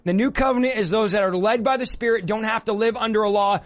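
A male preacher delivering a fervent sermon, often shouting. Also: sits high, steady tone, fast talker. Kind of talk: fiery sermon. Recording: dull lo-fi sound with faint music.

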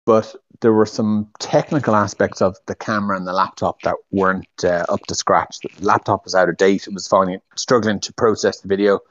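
A man's voice: sits low, brisk, hardly any pauses, no echo. A man from Ireland with an Irish accent, a podcast guest talking casually about racing photography over a phone call. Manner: relaxed, laughs easily, restarts phrases. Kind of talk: casual interview chat. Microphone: telephone call. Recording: muffled phone-call audio.

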